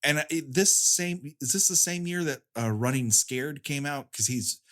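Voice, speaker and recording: A man's voice: on the high side, moderate pace, fairly bright tone. A man co-hosting a film podcast, wry and jokey, with stumbling restarts. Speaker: podcast co-host. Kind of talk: casual podcast chat.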